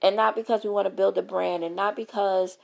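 A woman's voice: medium pitch, steady tone, a little fast, vocal fry. A woman hosting her own show, delivering an impassioned, repetitive rant straight to her viewers in slangy, emphatic speech. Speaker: vlogger and show host.

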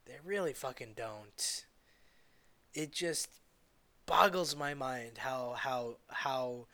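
A man's voice: medium pitch, fairly bright tone. A man delivering a heated, profane vlog rant, repeating himself and stumbling over restarts, with bitter laughs. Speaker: vlogger.

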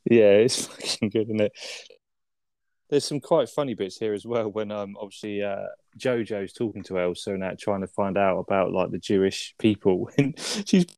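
Man, podcast co-host, relaxed and sweary, low voice, dry sound. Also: moderate pace, dry recording. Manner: laid-back, swears often, asks tag questions. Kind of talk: casual film review chat.

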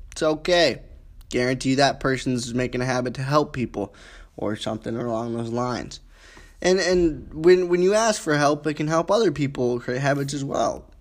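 A man hosting a casual self-help podcast, rambling through a numbered list with lots of "you know" and restarts. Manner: rambling, repeats words, frequent "you know"; wide swings in pitch, drops low and quiet at asides. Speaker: podcast host.

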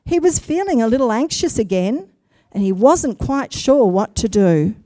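A woman reading a children's story aloud, expressive and speaking directly to her young listeners. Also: on the high side, moderate pace, no room sound.

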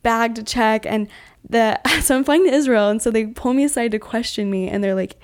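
A young woman, a podcast guest, tells travel stories in a chatty, upbeat way, saying "like" a lot. Her voice is smooth, a little high, and a little fast.

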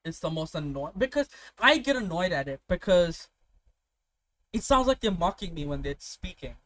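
A young man from India talks casually with a friend, full of swearing and quick anecdotes. His voice sits slightly high. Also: very animated, fairly bright tone, no echo. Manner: profane, storytelling, laughs often. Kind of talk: casual chat.

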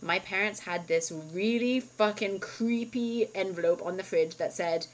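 A woman in her thirties co-hosting a podcast, telling a story in a casual, animated way, full of "like" and the odd swear. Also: mid-range voice, unhurried, low-quality recording. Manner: animated storytelling, heavy use of "like", swears freely. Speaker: podcast co-host.

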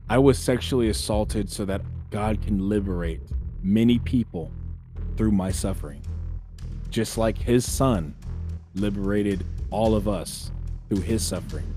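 A man's voice: on the low side, measured pace, dark tone, faint music behind. A man hosting a podcast, delivering an earnest, sermon-like spiritual monologue that exhorts listeners as brothers and sisters. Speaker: podcast host.

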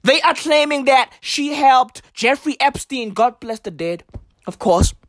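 A woman doing a satirical comedy rant, loud and profane, often bursting into mock-outraged shouts and heavy street slang. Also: high-pitched, lively intonation, measured pace, no echo, studio quality.

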